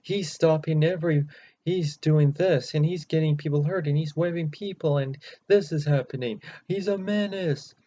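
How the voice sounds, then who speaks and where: Ranting, blustery news boss, pitched high and loud, as a man puts him on; dull lo-fi recording. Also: moderate pace, close to an everyday voice.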